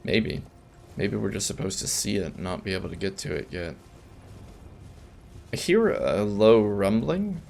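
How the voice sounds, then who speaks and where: A man talks his way through a video game, wandering into chatty asides and restarting his sentences. His voice sits low with a gravelly rasp. A faint hiss runs under the recording. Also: lively intonation, unhurried, pauses often, a little mellow. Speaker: let's play gamer. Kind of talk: casual gameplay commentary.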